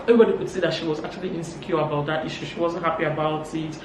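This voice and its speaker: A woman with a Nigerian accent giving a casual gossip recap, animated and acting out quotes. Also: quick pace, hardly any pauses. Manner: animated, acts out quotes in higher voices. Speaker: vlogger. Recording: roomy, distant mic, faint hum.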